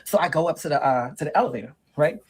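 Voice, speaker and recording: A performer lectures sassily on dating as a middle-aged woman, peppering the comedic monologue with "girl" and "honey." The voice sits at medium pitch and talks fast, expressive and a bit breathy, and the audio is low quality.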